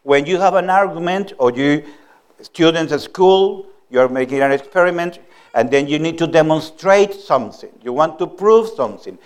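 A man who is a visiting preacher, praying and then giving a sermon in a meeting hall, speaking slowly and deliberately and stressing key words. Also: fairly high pitch, animated, clear, resonant tone. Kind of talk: sermon with opening prayer.

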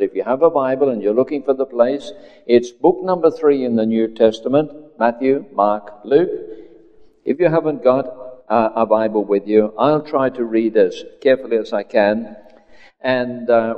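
Australian male preacher, conversational sermon delivery, medium pitch, dull recording in a long-reverb hall. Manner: unhurried, conversational with frequent fillers.

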